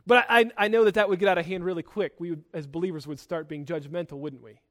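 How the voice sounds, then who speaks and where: A young man delivers a sermon in a high voice, pressing his points hard. He shifts between loud, driving lines and softer ones. He often repeats a word as he restarts a sentence. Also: steady tone, fast. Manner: emphatic, swings between loud and soft; repeats words when starting sentences. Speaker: pastor.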